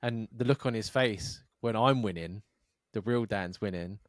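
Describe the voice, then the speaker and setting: A man's voice: fairly low pitch, normal speed, dry recording, studio quality. A man co-hosting a podcast in casual chat, swearing often and acting out voices in his rambling stories. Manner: sweary, rambling storytelling with acted-out quotes. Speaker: podcast co-host.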